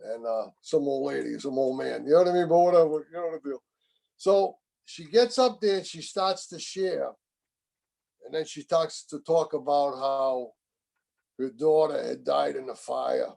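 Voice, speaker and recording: At a recovery meeting over a video call, the main speaker, a man in his sixties, shares his recovery story in a rambling, candid way. He swears often and keeps saying "you know what I mean." His voice is a little high and creaky with a dark tone, at a moderate pace.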